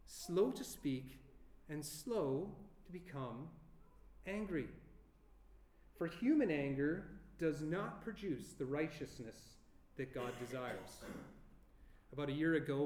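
A man preaching a sermon earnestly, asking rhetorical questions and slowing down with emphatic pauses. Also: fairly high pitch, darkish tone. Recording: echoey room.

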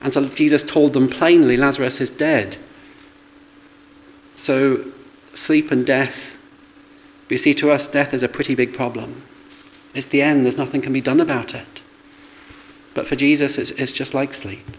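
A man's voice: mid-range voice, level tone, moderate pace, slight background noise, rough recording. A man preaching a sermon in a conversational way, with rhetorical questions and asides to the congregation.

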